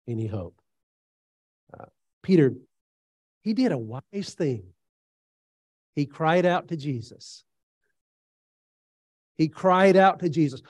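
A man with a slightly higher voice delivers an earnest sermon, pausing often on fillers while he retells a scripture story. The sound is dry and close, with almost no room echo. He drops low and quiet on reflective lines, then lifts his voice for quoted speech. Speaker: preacher.

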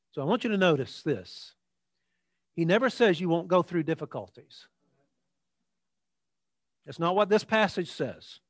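A male preacher with a high, lively voice gives an emphatic sermon, slowly drawing out scripture verses and repeating phrases. He leads the congregation in call-and-response, asking listeners to speak along, and the recording is dry and close with no room sound.

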